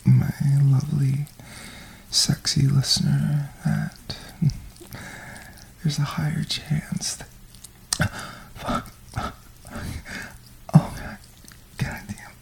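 Man, whispered role-play, gravelly fry, hushed breathy delivery, intimate murmuring. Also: fairly high pitch, flat delivery, extremely slow, long pauses, rough recording. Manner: intimate murmuring with soft moans. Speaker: audio performer.

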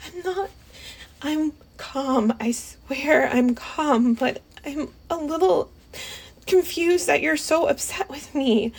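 A young woman with a high, light voice speaks slowly, stammering and pleading through a one-sided audio role-play. Her lines often sink into soft, hesitant whispers.

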